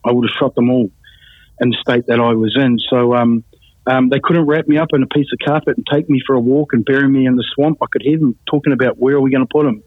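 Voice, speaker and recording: A man's voice: mid-range voice, steady tone, quick pace, no room sound. A man giving a blunt, matter-of-fact account of his life as an interview guest. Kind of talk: personal testimony in an interview. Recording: tinny phone-like sound, dry.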